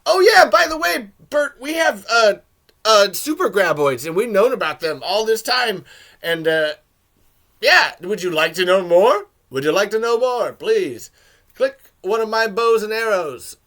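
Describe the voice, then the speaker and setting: A chirpy woman blurts out secret monster lore in a sing-song, mocking tone, as a man puts her on. The voice sits high and bright. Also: lively intonation, a little slow, exaggerated voice.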